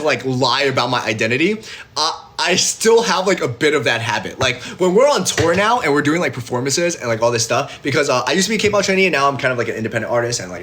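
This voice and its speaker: A man's voice: mid-range voice, a bit bright, slight background noise. A young man, an independent artist, chatting casually on a phone live stream, rambling with lots of fillers and acting out both sides of his stories. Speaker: independent artist livestreaming to fans. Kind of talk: casual livestream chat.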